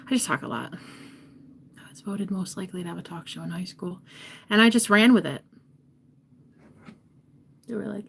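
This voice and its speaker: A young woman giving a casual tarot reading to her viewers, playful and talkative, swinging between loud bursts and soft whispered asides. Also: lowish voice, a little fast, vocal fry. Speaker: tarot reader and streamer.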